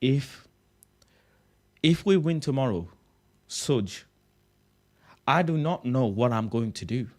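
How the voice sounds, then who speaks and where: A young man hosting a casual livestream chat, excitable and repeating himself, often ending phrases with "bro". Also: mid-range voice, takes it slowly, long pauses. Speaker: livestream host.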